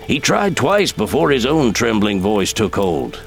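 A man reading a story aloud in measured, expressive audiobook narration. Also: lowish voice, vocal fry. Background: soft background music.

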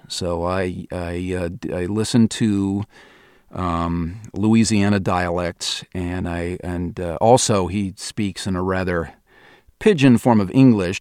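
A man's voice: sits low, no echo, clean studio sound. A man who directs audio dramas and voices characters, answering interview questions in a hesitant way, often restarting as he thinks aloud.

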